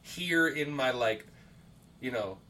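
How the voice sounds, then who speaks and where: A man's voice: mid-range voice, animated, slow pace, sharp tone. A man co-hosting a podcast, chatting casually and telling stories in a rambling, swearing way. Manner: rambling storyteller, heavy swearing and fillers. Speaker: podcast co-host. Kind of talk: casual chat. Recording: distant mic, faint background hiss.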